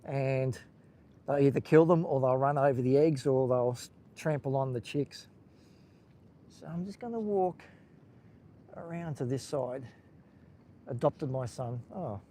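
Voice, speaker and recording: A man's voice: medium pitch, unhurried, creaky, pauses often, mellow, a little hiss or hum. A man with an Australian accent, hosting a casual live stream while walking outdoors along a beach, chatting with viewers in a rambling way and talking into a handheld phone.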